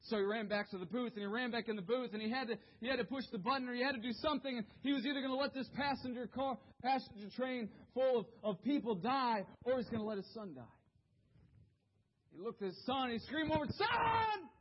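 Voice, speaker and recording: Guy preaching, goes from quiet to yelling, kinda high voice, muffled lo-fi sound. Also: fast talker, husky. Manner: dramatic storytelling, swinging from hushed low tones to shouting. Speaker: pastor. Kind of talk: sermon. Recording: dull lo-fi recording.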